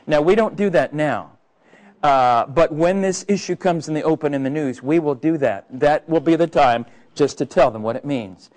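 Earnest, higher-voiced male preacher. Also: normal speed, a little mellow, low-quality recording. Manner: conversational, earnest, many fillers. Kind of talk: sermon.

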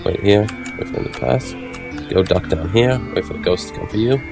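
A man's voice: lowish voice, brisk, gravelly. A man casually explaining his tactics as he plays a video game, with the odd curse. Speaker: gameplay commentator. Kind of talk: let's play commentary. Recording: game music behind voice. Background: game music.

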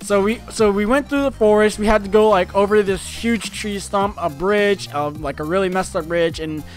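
A man's voice: high voice, moderate pace, soft background music. A young man telling a personal story to his viewers in a rambling, casual way, full of fillers and restarts. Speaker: vlogger.

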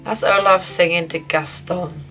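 A young woman vlogging a casual film review, gushing and excitable, often restarting her sentences. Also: on the low side, unhurried, soft background music, low-quality recording. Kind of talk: casual spoiler review to camera.

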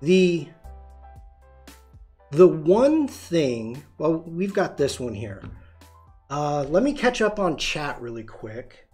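A man's voice: fairly high pitch, very animated, slow, pauses often, darkish tone, soft background music. A man hosting a live-streamed photography tutorial, chatty and demonstrative, greeting viewers and answering chat as he shows poses.

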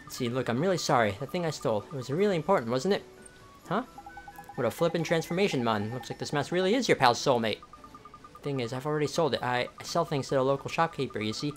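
A man's voice: mid-range voice, expressive, quick pace, soft background music, lightly acted. Remorseful young game thief with big dreams, apologetic and pleading, read by a man in his own voice.

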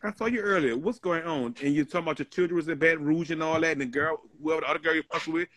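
A man's voice: fairly high pitch, rapid-fire, hardly any pauses, fairly bright tone, no echo. A man hosting a live stream, laid-back and prone to murmuring along. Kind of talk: casual live stream chat.

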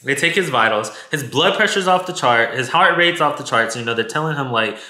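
Guy vlogging a storytime, super bright voice, emotional and cussing, roomy echo. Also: mid-range voice, animated, a little fast, few pauses. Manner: candid, emotional, swears freely. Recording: echoey room sound.

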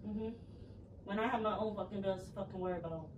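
A woman's voice: mid-range voice, steady tone, quick pace. A young woman in a heated argument at home, blunt and exasperated and swearing often. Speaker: girlfriend. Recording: roomy, distant and noisy.

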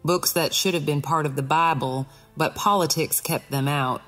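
A haughty iris flower from a storybook, full of command and curt replies, put on by a woman reading aloud. The voice sits low. Faint music plays underneath. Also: moderate pace, fairly bright tone, slightly rough. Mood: imperious. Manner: imperious, curt.

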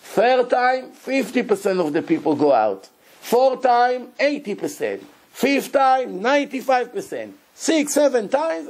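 A man, a rabbi, giving a Torah lesson in animated, broken English and acting out quotes. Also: high voice. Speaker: rabbi teaching a Torah class.

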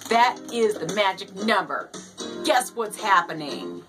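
A woman's voice: medium pitch, animated, unhurried. A woman hosting her own casual show, giddy and playful, repeating words for fun. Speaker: show host. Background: faint music.

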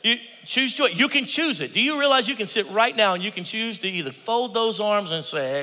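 A man preaching a sermon as pastor, animated, acting out quotes and swinging from hushed tones to shouts. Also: high voice, brisk, few pauses. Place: church sanctuary. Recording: church hall reverb.

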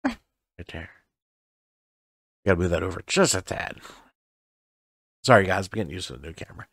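A man's voice: sits low, very animated, moderate pace, fairly bright tone, no room sound. A man co-hosting a chatty podcast from his home studio, rambling and swearing casually. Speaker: podcast co-host. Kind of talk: casual chat.

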